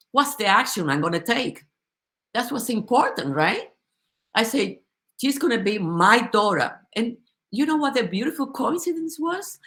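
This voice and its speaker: Woman, mid pitch, impassioned, emotional, restarts her sentences often, heartfelt testimony. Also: fairly bright tone. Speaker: company supporter giving a testimony. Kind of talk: heartfelt testimonial in a group conversation.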